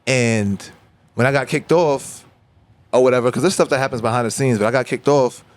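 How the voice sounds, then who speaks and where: Animated New man telling stories. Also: mid-range voice, a little fast. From New York. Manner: animated storyteller who acts out dialogue. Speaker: rapper guest. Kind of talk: casual interview storytelling.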